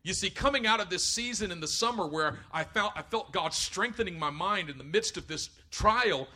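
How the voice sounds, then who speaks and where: A man's voice: high-pitched, lively intonation, normal speed, pushed and bright. A middle-aged man preaching a sermon, acting out voices as he tells stories from his own life. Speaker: pastor.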